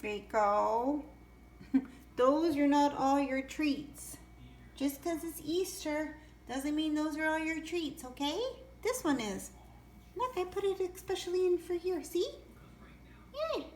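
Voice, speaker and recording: Woman, very high voice, slow sing-song pet talk; roomy home recording, faint hiss. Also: a little mellow. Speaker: pet bird owner.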